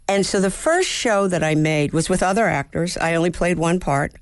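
A woman's voice: on the low side, animated, normal speed, hardly any pauses, dry recording, studio quality. A woman in her seventies from the United States, an actor and playwright telling stories as an interview guest in a thoughtful way, acting out rhythms and the voices of people she quotes. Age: 70s. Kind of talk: reflective interview storytelling.

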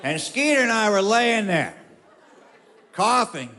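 High-voiced man telling a comic story. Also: big pitch swings, pushed and bright, some chatter behind, a little hiss or hum. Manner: wry, drawn-out comic timing.

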